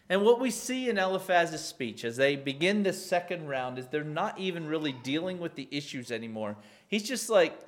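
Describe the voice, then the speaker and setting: Man, somewhat high voice, expository Bible teaching, reads verses then paraphrases them, pointed rhetorical questions, loud and quiet turns. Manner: reads scripture aloud then paraphrases it with rising emphasis. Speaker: preacher.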